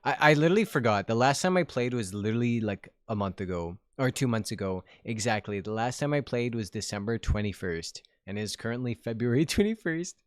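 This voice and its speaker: A man streaming live and chatting casually with viewers, giggling often and gasping with excitement. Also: mid-range voice, a little fast, hardly any pauses, clean tone, no echo, clean studio sound. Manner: giggly, excitable, gasps and frequent exclamations.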